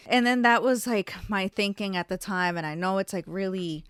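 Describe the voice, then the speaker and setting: A young adult woman hosting a podcast, telling a story in a casual, profane way with sudden loud outbursts. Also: medium pitch, steady tone, a little fast, hardly any pauses, clean tone, no echo, studio quality. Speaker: podcast host.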